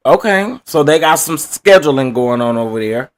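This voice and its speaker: Man, live-stream commentary, playful, laughs a lot, fairly high voice. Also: expressive, normal speed, few pauses. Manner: playful, laughs often, calls viewers baby and y'all. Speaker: online trial commentator.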